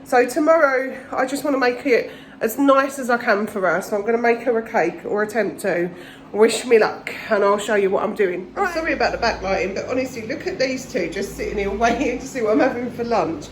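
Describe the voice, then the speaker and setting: A woman's voice: expressive, a little fast, slight background noise, poor audio. A middle-aged woman chatting casually in a home vlog, a little out of breath from a chest infection, rambling and chatty. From England. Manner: chatty, rambling, talks to her cats in a high sing-song. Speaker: vlogger. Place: home kitchen indoors.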